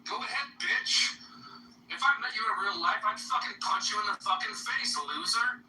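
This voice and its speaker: Brief: bright, high-pitched man yelling insults in a voice chat room, echoey and distant, music underneath. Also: normal speed. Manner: abusive, yelling insults, boastful. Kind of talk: heated voice chat argument.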